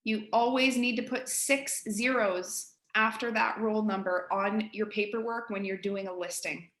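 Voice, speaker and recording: A woman with an East Coast Canadian accent, a real estate agent giving colleagues a casual, direct software tutorial. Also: medium pitch, steady tone, measured pace, roomy sound. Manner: chatty, direct, addresses listeners as guys.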